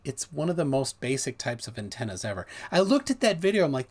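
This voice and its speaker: A middle-aged man hosting a livestream, talking casually in a rambling, animated way with many restarts. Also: mid-range voice, fast talker, hardly any pauses. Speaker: livestream host.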